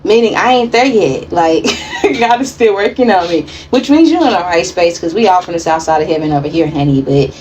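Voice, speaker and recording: A woman's voice: lowish voice, animated, brisk, darkish tone, a little hiss or hum, low-quality recording. A woman giving a casual tarot reading in a blunt, profane and slangy way. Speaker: tarot reader.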